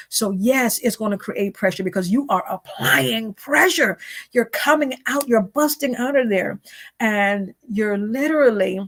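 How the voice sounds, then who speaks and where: A woman preaching a sermon in a conversational way, repeating phrases and asking rhetorical questions. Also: medium pitch.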